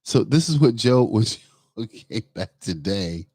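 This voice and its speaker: A man's voice: on the low side, slow pace, slightly rough, no room sound, studio quality. A man hosting his own political talk show, speaking bluntly and animatedly and laughing as he goes. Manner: animated, laughs while talking, blunt asides. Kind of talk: solo political commentary.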